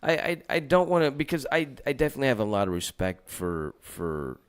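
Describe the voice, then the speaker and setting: A man hosting a podcast in relaxed conversation with friends. He stumbles over repeated words, swears freely and gets animated when he gets going. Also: mid-range voice, brisk. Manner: stammering, profane, animated. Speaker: podcast host. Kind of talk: casual chat.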